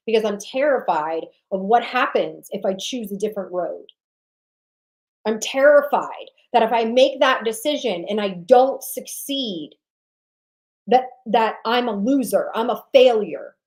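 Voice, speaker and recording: A woman hosting an online sales summit livestream, giving an emphatic motivational talk that repeats lines for emphasis and swings between loud punches and low, intimate drops. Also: a little slow, pauses often, rough recording. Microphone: livestream webcam mic.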